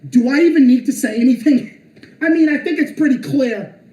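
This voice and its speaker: A man's voice: very high voice, brisk, dark tone, echoey room, poor audio. A man streaming an angry, profane and sarcastic rant, sounding exasperated.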